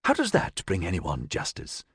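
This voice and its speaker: A man voicing Captain Phileas, a grave aristocratic captain who speaks in a measured way. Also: deep voice, huge pitch swings, a bit bright, husky, no room sound, clean studio sound, exaggerated voice.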